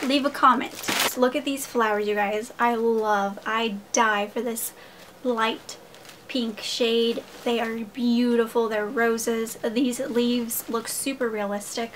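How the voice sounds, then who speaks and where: A young haul vlogger with a voice on the high side talks casually and eagerly to her viewers, whom she calls "you guys," over background noise.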